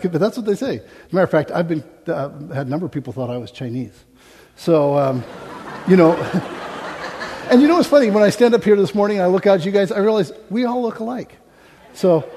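An American man preaches from a stage microphone, his voice high with a dark tone, sharing funny anecdotes and laughing often. The hall is reverberant, and there's a little hiss or hum in the recording.

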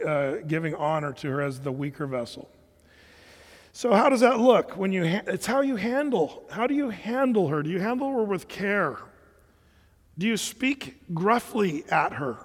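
A middle-aged pastor with a high voice tells stories from the pulpit in a loose, conversational way, often restarting his sentences. His voice carries a long reverb from a church hall. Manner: conversational storytelling preacher, frequent restarts. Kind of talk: sermon.

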